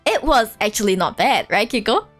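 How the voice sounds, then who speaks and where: Excitable woman streamer, lively voice. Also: a little high, normal speed, faint music behind. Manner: animated, excitable, giggly. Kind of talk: casual let's-play chat.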